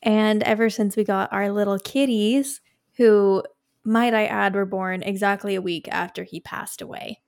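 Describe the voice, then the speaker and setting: A woman co-hosts a podcast in easygoing conversation. She talks in a relaxed, reflective way, with fond warmth for her animals. Her voice sits at an ordinary pitch. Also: normal speed. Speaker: podcast co-host. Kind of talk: casual podcast chat.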